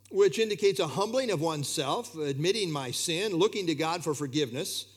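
A man's voice: high voice, slightly rough. A man preaching an expository sermon, earnest and emphatic, often repeating key phrases.

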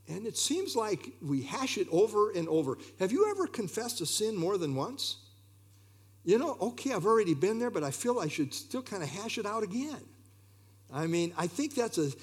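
A man preaching a sermon, expressive and full of rhetorical questions, with occasional fillers. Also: high voice, breathy edge.

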